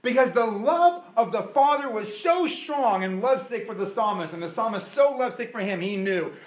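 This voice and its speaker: A man preaching a sermon as a pastor, emphatic, with dramatic pauses and swings between loud and soft. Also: high-pitched, lively intonation. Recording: echoey room.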